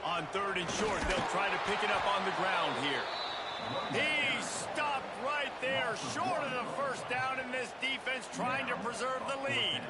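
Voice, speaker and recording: Brisk high-voiced football play-by-play man. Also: steady tone, heavy background noise. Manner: brisk, clipped play calls. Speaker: play-by-play announcer.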